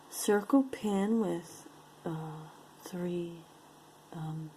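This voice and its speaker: Woman, unhurried chatty commentary, mellow dark tone, faint background noise. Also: on the low side, low-quality recording. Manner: chatty, describes each piece, playful sing-song asides. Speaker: jewelry unboxing vlogger. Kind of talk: casual show-and-tell commentary.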